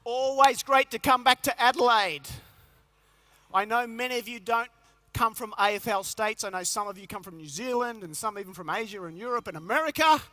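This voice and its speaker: Bright-voiced man on stage. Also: very high-pitched, dry recording. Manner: storytelling with quick joke voices. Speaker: motivational speaker. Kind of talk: comic keynote speech to a large crowd.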